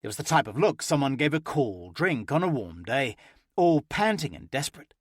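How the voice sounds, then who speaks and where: A man narrating a first-person romance audiobook with an expressive, playful reading. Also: medium pitch, normal speed, slightly rough, no room sound, clean studio sound.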